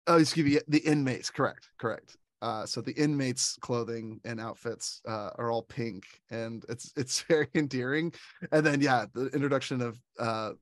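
A man's voice: medium pitch, normal speed, dry recording, clean studio sound. A man co-hosting a casual film chat, enthusiastic and laughing often as he recounts favorite scenes. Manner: enthusiastic, laughs often, quotes lines in put-on voices. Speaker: podcast co-host.

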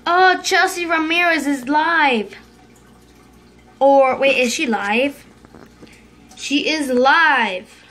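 A female host giving casual commentary over her gameplay, excitable, yelping and urging herself on, dropping to hushed whispers when scared. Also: high-pitched. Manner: excitable, yelps and shrieks, fast repeated urging. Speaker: gaming video host.

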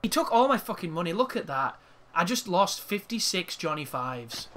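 A man commentating a video game playthrough, excitable and crude, with sudden exclamations. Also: high-pitched, moderate pace, a little hiss or hum. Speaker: gameplay commentator. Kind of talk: let's play commentary. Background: game music.

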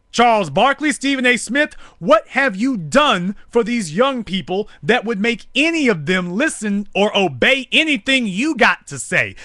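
A man's voice: very high-pitched, pushed and bright, no room sound, studio quality. A man hosting a live talk show, delivering angry, preaching commentary full of repetition. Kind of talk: fiery political commentary.

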